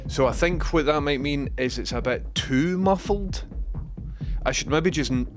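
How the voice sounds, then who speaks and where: A man's voice: a little high, unhurried. A Scottish man chatting casually on a livestream, rambling and speaking directly to his viewers. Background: background music.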